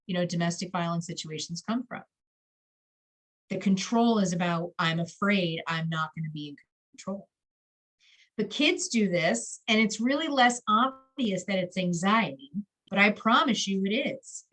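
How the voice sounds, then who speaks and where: A woman counselor gives a conversational presentation on children's anxiety to parents, pitched mid-range for a woman. She talks in a relaxed, explanatory way, checking in with "right?" as she goes, and sometimes acts out what a child or parent might say. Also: poor audio. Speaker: school counselor.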